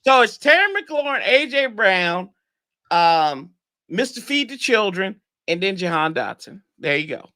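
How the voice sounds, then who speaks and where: A man co-hosting a casual sports debate, teasing his rival fan and letting his voice jump high when he argues. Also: unhurried. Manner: teasing, animated, pitch jumps when arguing. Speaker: sports podcast co-host.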